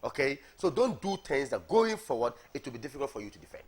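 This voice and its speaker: A man's voice: medium pitch, sing-song, fast talker, slightly rough. A man, a party coordinator arguing emphatically as a guest in a TV studio, repeating words for stress. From Ghana. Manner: emphatic, repeats words, asks "are you getting me". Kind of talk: heated political debate on morning TV.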